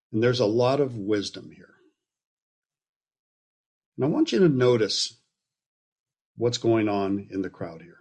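A man teaching a Bible passage in a relaxed, conversational way, often checking in with his listeners with asides. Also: mid-range voice, slow pace, pauses often. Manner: relaxed, explaining with frequent okays and asides.

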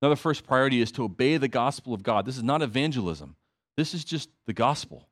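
A man's voice: mid-range voice, lively intonation, fast, a bit bright. A man preaching a sermon to his congregation, conversational with emphatic repetition and asides. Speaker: pastor.

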